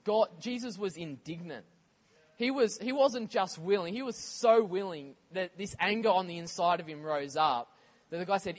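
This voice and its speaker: A man preaching a sermon in a conversational, animated way, with casual asides to the congregation. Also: sits high, moderate pace.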